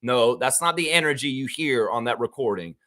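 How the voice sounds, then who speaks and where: A man with a Southern US accent hosting a live-stream, ranting in a heated, profane, animated way. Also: mid-range voice, a little fast. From American South. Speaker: show host. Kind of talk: casual live-stream commentary.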